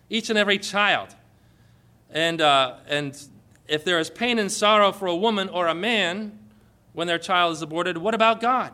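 A man preaching a sermon with passion, building to emphatic, forceful proclamations. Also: sits high, animated, normal speed.

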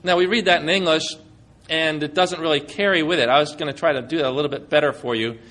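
A male preacher delivers a sermon in a relaxed, conversational way. He talks in plain, folksy terms, and his voice sits a little higher than most men's. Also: fast talker.

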